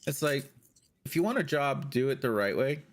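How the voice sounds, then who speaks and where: A man's voice: mid-range voice, moderate pace. A man co-hosting a casual podcast chat, retelling a story and acting out the people in it. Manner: animated storyteller, acts out quoted lines. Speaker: podcast co-host.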